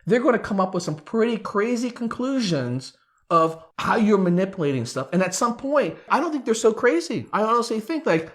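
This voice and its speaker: Uomo dal tono molto vivace. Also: male voice, high voice, brisk. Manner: animated, rhetorical questions, frequent "right?". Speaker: YouTube commentator. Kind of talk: casual commentary.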